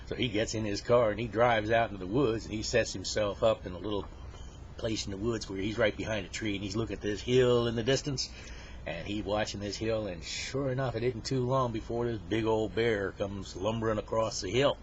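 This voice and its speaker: A man telling a long joke in a folksy, casual way, with drawn-out pauses. The recording is dull and lo-fi. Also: fairly low pitch, a little hiss or hum. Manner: folksy drawn-out storytelling with dramatic sound effects. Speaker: joke teller. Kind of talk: casual storytelling.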